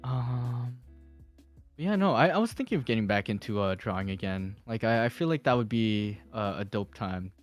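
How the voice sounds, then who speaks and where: A man's voice: lowish voice, lively intonation, normal speed, faint music behind. A man talking as a podcast guest in casual chat, rambling with fillers and restarts and laughing often. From Philippines.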